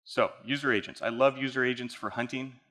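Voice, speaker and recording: A man's voice: medium pitch, steady tone, a little fast, bright, forceful tone. A man speaking at a conference, walking the audience through a technical case study in a casual, conversational way. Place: conference hall.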